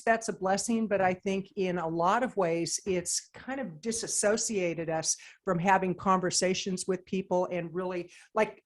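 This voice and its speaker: A woman, a podcast guest talking in long, animated run-on sentences. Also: mid-range voice. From United States. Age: 60s. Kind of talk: casual chat.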